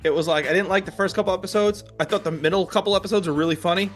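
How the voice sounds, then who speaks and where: A man's voice: high-pitched, steady tone, rapid-fire, faint music behind. A man co-hosting a podcast, chatting about movies in a blunt, opinionated way. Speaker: podcast co-host. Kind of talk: casual movie chat.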